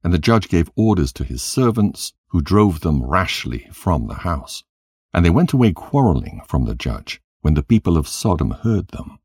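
A man narrating an old tale in a measured, solemn storytelling manner. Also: deep voice, very animated, darkish tone, husky, no echo, clean studio sound.

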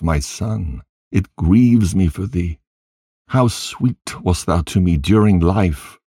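A man's voice: deep voice, darkish tone, breathy edge, no room sound, clean studio sound, full character voice. A man voicing a grieving old patriarch who laments his son in archaic speech.

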